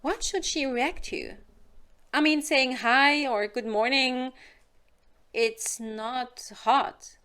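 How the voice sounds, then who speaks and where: A woman's voice: sits high, steady tone, takes it slowly, fairly bright tone, smooth. A woman from Germany with a German accent, talking frankly and casually to camera as a hypnotist and sex advisor, acting out little scenes in silly voices. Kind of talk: casual direct-to-camera advice.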